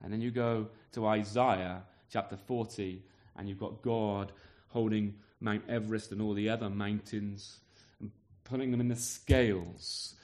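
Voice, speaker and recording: A man's voice: fairly low pitch, unhurried. A man preaching a sermon to a local church congregation, firing off rhetorical questions and acting out little exchanges. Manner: lively, full of rhetorical questions and acted-out exchanges.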